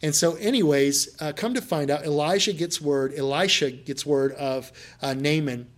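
Male pastor, sermon delivery, conversational retelling that builds to emphatic points, slightly high pitch. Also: moderate pace. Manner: conversational storytelling, rising to emphatic preaching.

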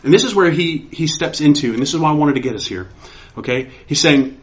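A man with a fairly high voice preaches a sermon, eager and quick to repeat himself as his thoughts run ahead. The sound is dull and lo-fi, with the top end rolled off. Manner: excitable, restarts and repeats words. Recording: dull lo-fi recording.

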